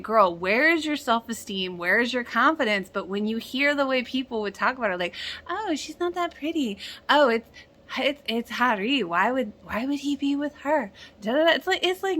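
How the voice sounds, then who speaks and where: Woman vlogger, frank and excitable, lively swooping pitch, unhurried delivery; casual review, cursing and laughing freely.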